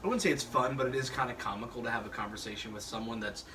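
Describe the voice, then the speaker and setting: A man appearing as a podcast guest, telling stories in casual chat, animated and profane, laughing often. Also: medium pitch, very fast, recorded from a distance, background noise.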